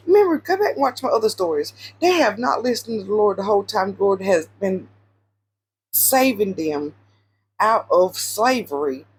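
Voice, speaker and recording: A woman casually retelling Bible stories, animated, repeating phrases for emphasis and quizzing her listeners. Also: mid-range voice, slightly rough. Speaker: Christian social media storyteller.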